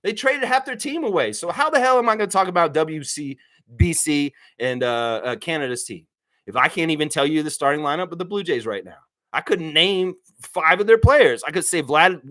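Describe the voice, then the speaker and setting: A man hosts a casual live stream, reading viewer comments and firing back blunt, profane takes. His voice sits somewhat high and leaps up and down as he talks. He speaks into a desk mic. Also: lively intonation, brisk, bright, forceful tone. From United States.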